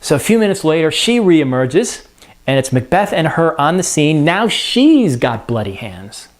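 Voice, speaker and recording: A man's voice: fairly high pitch, very animated, moderate pace. A man giving a casual, chatty lesson, retelling scenes in everyday slang. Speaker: teacher.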